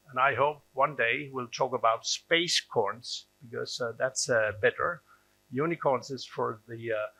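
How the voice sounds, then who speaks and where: Emphatic older man, bright voice. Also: medium pitch, gravelly, low-quality recording. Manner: emphatic, repeats phrases for stress. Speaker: ambassador and panel speaker. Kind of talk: conference speech.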